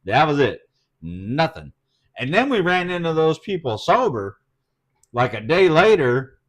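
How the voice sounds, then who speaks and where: A middle-aged man chatting casually as host of a live stream, telling a story with lots of swearing and acted-out quotes. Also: measured pace. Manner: animated, swearing, acts out quotes with big pitch jumps.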